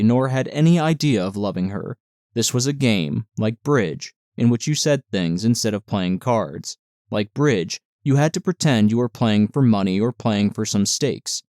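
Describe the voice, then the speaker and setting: A man narrating a novel as an audiobook with steady, measured storytelling. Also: fairly low pitch, no echo, clean studio sound. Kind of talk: novel reading.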